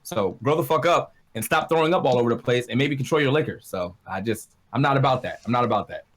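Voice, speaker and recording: A man's voice: medium pitch, fast. A man in his thirties co-hosting a casual talk show, ranting in a heated, profane way. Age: 30s. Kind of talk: casual chat.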